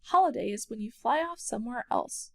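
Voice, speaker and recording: A woman's voice: on the high side, animated, a little fast, gravelly, darkish tone. A woman doing a proud, cawing magpie. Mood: eager. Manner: cawing, chirpy, self-assured. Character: bossy, proud female magpie bird. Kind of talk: children's storybook read-aloud.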